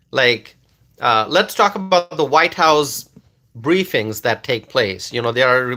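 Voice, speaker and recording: Bright-voiced male live streamer, emphatic. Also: fairly high pitch. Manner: repetitive, emphatic, reads viewer comments aloud. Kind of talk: casual political commentary live stream.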